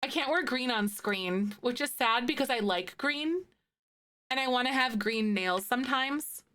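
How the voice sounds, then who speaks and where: A bubbly woman in her thirties, chatting with her live stream viewers from her home setup. Her voice sits a bit high and sounds bright and crisp, and she gushes and giggles as she talks. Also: unhurried. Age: 30s. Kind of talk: casual chat with live viewers.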